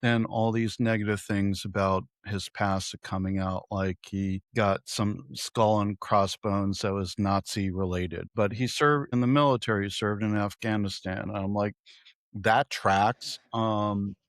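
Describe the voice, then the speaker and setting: A man's voice: on the low side, fairly even intonation, measured pace, dry recording, studio quality. A man co-hosting a podcast, chatting casually and profanely about politics and telling stories with acted-out quotes. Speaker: podcast co-host.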